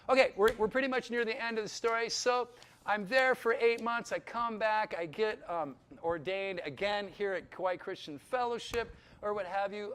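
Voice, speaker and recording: A man in his fifties, a pastor telling his testimony to Bible school students, animated and acting out the conversations he recalls. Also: high-pitched. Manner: animated storytelling, acts out dialogue; emotional, near tears.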